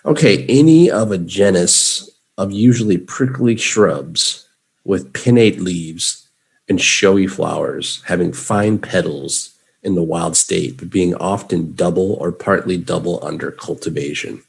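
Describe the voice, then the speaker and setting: A man's voice: deep voice, a little slow, vocal fry, breathy edge. A man from Chicago with a Chicago accent, teaching English vocabulary in a live lesson and having students repeat words after him. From Chicago, United States.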